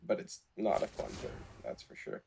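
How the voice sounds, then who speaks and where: Easygoing male color caster, faint hum behind. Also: dark tone. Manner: conversational, quick to react. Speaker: esports co-caster. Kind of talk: live color commentary.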